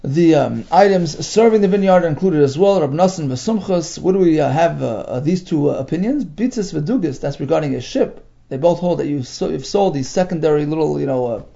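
A man teaching a Talmud text, reading out Aramaic phrases and explaining each in English, halting with many fillers. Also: on the high side, animated, creaky, mellow. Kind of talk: text study lesson. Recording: dull lo-fi recording.

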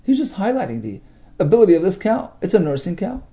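A man teaching a Talmud text, reading out Aramaic phrases and explaining each in English, halting with many fillers. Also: high-pitched, very animated, warm tone. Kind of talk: text study lesson. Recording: dull lo-fi recording.

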